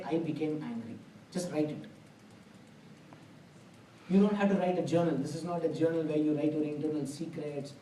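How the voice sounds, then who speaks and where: Man giving a temple discourse, mellow and roomy. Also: fairly high pitch, slight background noise. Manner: earnest, plain-spoken, uses homely examples. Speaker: spiritual lecturer. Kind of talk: conversational spiritual discourse. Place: temple hall. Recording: roomy, distant mic in a hall.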